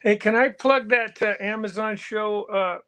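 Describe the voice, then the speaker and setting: A man's voice: sits high, fairly even intonation, unhurried, a crowd in the background. A man co-hosting a casual podcast over a video call, speaking in an easygoing way. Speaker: podcast co-host.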